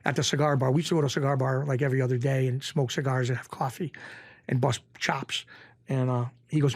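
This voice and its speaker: A man's voice: fast, slightly rough. A middle-aged man with a Western Massachusetts accent tells stories in a casual interview. He often acts out other people's lines in a raised voice. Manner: animated, acts out quoted voices in a raised pitch. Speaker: interview guest, former bookmaker.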